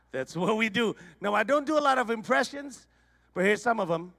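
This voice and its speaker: A man with an Indonesian accent doing a stand-up comedy set, with deadpan setups and playful crowd work. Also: sits high, normal speed, vocal fry. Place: large conference hall with audience.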